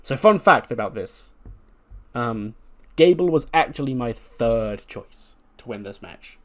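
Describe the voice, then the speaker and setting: A man's voice: mid-range voice, expressive, measured pace, a bit bright. A man narrating his wrestling management game with playful play-by-play and chuckling asides. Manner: mock commentator delivery, chuckling asides.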